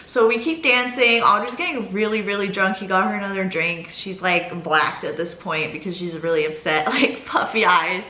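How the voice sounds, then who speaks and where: A woman in her twenties telling a story in a vlog, animated and casual, swearing freely. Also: mid-range voice, normal speed, hardly any pauses. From United States. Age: 20s. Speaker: vlogger. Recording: roomy echo.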